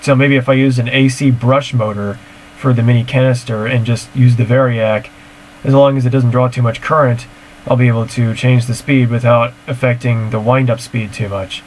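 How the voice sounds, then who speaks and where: A man's voice: medium pitch, fairly even intonation, normal speed, darkish tone, a little hiss or hum. A man casually reacting to a video and answering viewer questions at home in a matter-of-fact, technical, rambling way. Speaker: siren-hobby video creator. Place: home, screen recording.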